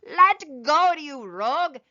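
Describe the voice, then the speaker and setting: A woman voicing a tiny mischievous male leprechaun with a high, shrill, loud voice in a storybook reading. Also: big pitch swings, a little slow. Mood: scolding. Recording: slightly dull lo-fi sound.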